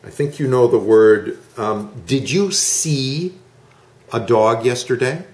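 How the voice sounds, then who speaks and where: A man teaching English pronunciation in a one-to-one lesson, modelling sounds slowly and patiently. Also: medium pitch, echoey room.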